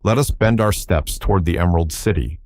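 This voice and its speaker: A man's voice: deep voice, brisk, a little mellow, no echo. A man voicing a pompous, learned male insect who talks in long, formal, self-admiring sentences.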